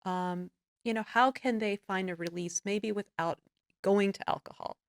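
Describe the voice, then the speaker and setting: Woman, podcast host, supportive interviewer, mid pitch, dry close sound. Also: moderate pace, no echo. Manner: supportive, many affirming interjections.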